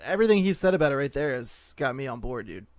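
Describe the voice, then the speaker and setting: A man's voice: medium pitch, big pitch swings, quick pace, no room sound. A man co-hosting a casual podcast, running through news in a loose, joking way. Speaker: co-host.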